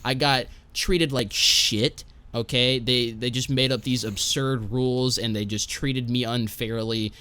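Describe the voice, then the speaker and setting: A young man tells a long, casual story as a podcast guest. He swears freely and rambles on, checking in with his listeners with a quick "right?" as he goes. His pitch sits in a plain middle range. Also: fairly even intonation, sharp tone, clear, resonant tone. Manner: profane, rambling, tags lines with "right?".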